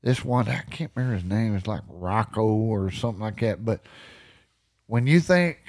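A man with a Texan accent, a podcast guest telling animated stories with folksy country slang and frequent laughter. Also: on the low side, moderate pace. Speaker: podcast guest, hunting storyteller. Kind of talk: casual storytelling.

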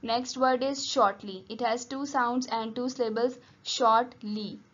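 A woman teacher reading dictation words slowly and deliberately for a class. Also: a little high, steady tone. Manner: slow, deliberate word-by-word dictation. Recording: dull lo-fi audio.

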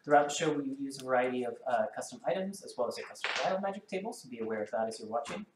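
Man, dungeon master, quick chatty delivery, roomy echo, noisy background. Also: medium pitch, lively intonation. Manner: quick, chatty, with many ums and uhs. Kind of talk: hosting and narrating a tabletop game stream. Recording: roomy sound with clear background noise.

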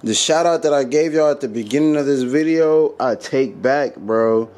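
A man's voice: medium pitch, moderate pace, darkish tone. A man vlogging a car modification, talking casually to viewers and sounding exasperated. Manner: frustrated, exasperated, laughing it off. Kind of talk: casual vlog.

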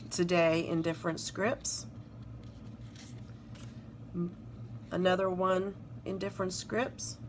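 With a lowish, gravelly voice and a touch of background noise, this South Carolina woman speaks in a Southern accent. She's casually narrating a show-and-tell of her planner stickers, gushing and reading the phrases out loud.

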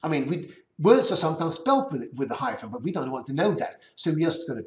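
A man's voice: fast talker, few pauses, echoey room. A man giving a conference presentation with live demos, explaining step by step and often restarting his words. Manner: explanatory, lively pitch, self-correcting restarts. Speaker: conference speaker.

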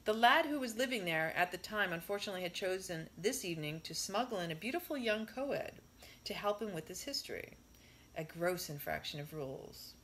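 Bright-voiced woman reading a spiritual discourse. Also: lowish voice, lively intonation, slight background noise. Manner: measured, emphatic rhetorical questions.

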